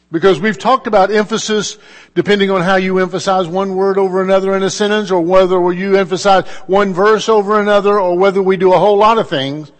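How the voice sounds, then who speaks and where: A man preaching a sermon as pastor, in a measured style with emphatic pauses and conversational asides. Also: high-pitched, in a large hall.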